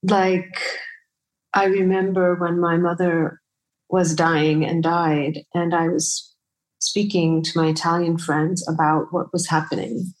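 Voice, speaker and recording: A woman from the United States with a fairly low voice for a woman. She answers as a guest in a conversational interview. She speaks earnestly and reflectively, repeating phrases as she works out her thoughts. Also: level tone, takes it slowly, rough recording.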